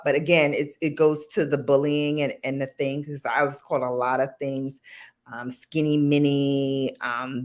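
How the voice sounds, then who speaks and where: A woman's voice: a bass voice, a little mellow. A woman guest on a casual livestream chat, a chatty storyteller with many ums.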